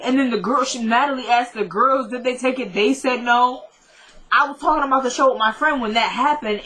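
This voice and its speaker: A young woman vlogger chatting casually through an episode recap, retelling scenes in a lively, animated way. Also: a little high, rough recording.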